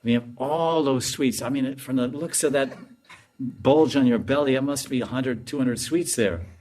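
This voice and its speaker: A man's voice: medium pitch, moderate pace, darkish tone, natural voice. Man playing a cowherd boy sweet-talking his buddy, wheedling and chuckly, easygoing. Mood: coaxing. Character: coaxing cowherd boy teasing a friend.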